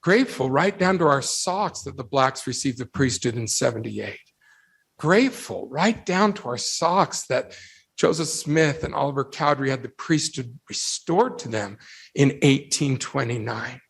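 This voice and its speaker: Animated man giving a devotional talk. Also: medium pitch, measured pace, vocal fry, slightly rough. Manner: animated storytelling, rhetorical questions. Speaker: religious speaker addressing youth.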